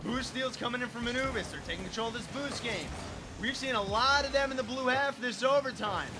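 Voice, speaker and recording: A man co-casting an esports match, giving measured analysis that rises to shouts at big moments. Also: very high voice, background noise. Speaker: color commentator. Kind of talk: esports commentary.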